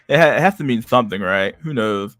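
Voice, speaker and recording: Dude streaming, reading comments, stammers and rambles, dry close sound. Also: male voice, mid-range voice, expressive, quick pace, a bit bright, dry recording, faint music behind. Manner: rambling, stammering, laughs a lot.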